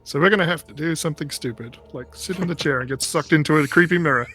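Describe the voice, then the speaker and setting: A man's voice: a little high, fast, pushed and bright, husky, soft background music. A man playing in a tabletop game, chatting casually and cracking jokes with the group. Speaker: player.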